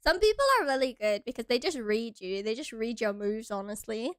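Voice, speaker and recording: A woman's voice: on the high side, brisk, no room sound, studio quality. A young woman from Hawaii chatting casually on a stream, bubbly and giggly, sometimes breaking into squeals.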